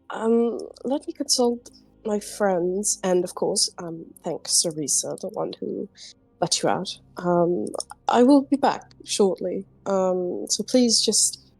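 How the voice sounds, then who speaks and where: A prim, formally spoken young woman scholar, played by a woman at a game table. She talks slowly, and her pitch rises and falls a lot. The sound is dry and close, with faint music behind. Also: darkish tone, no echo. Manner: formal, polite and slightly prim. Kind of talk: playing a character in a tabletop game.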